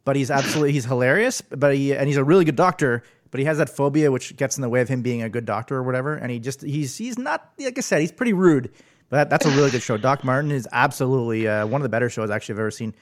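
A man's voice: mid-range voice, rapid-fire. A man hosts a casual podcast in a mid-range voice. He rambles, restarts his sentences and leans on fillers as he talks. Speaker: podcast host.

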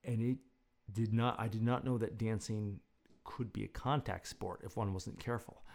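A man's voice: on the low side, fairly even intonation, normal speed, vocal fry, a little mellow. A man telling a casual, rambling story with self-deprecating humor. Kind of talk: casual anecdote.

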